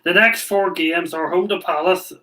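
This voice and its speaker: A man's voice: high-pitched, steady tone, a crowd in the background. A man on a football podcast, chatting casually and confidently rattling off facts. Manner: confident, quick to list facts. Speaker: podcast co-host.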